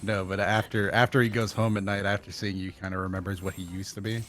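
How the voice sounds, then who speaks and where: A man's voice: low voice, flat delivery, fast talker, a bit bright, slight background noise. A man chatting casually on a gaming stream, laughing as he builds a silly story. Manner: laughing, playful narrator. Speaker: guest player.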